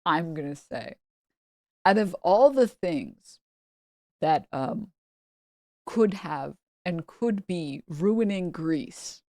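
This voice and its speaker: A woman's voice: mid-range voice, animated, slow pace, dry recording, clean studio sound. A woman from New York, a streamer giving casual reaction commentary, rambling and repeating her points for emphasis.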